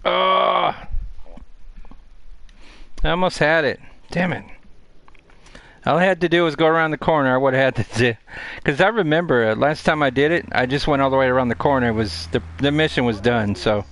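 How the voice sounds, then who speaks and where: A man's voice: mid-range voice, quick pace, a bit bright, a little hiss or hum. A man streaming a game, chatting in a laid-back way while he plays. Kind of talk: casual gaming commentary.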